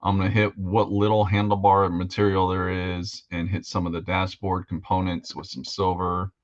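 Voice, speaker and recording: A man's voice: deep voice, flat delivery, normal speed, highs cut off. A man hosting a live hobby show, chatting casually and rambling as he paints models. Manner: rambling and easygoing, with fillers. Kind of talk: casual livestream chat while painting models.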